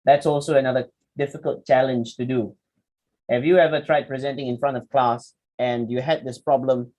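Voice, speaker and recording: A man's voice: medium pitch, fairly even intonation, normal speed, darkish tone, highs cut off. A man giving a public speaking workshop, demonstrating with his voice and asking the audience questions. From Malaysia. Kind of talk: workshop lecture.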